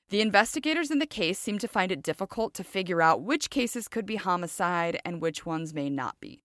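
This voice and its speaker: A woman's voice: on the low side, a bit bright, no echo, clean studio sound. Chatty woman narrating true crime. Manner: chatty, adds personal asides and questions to listeners. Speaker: true crime podcast host.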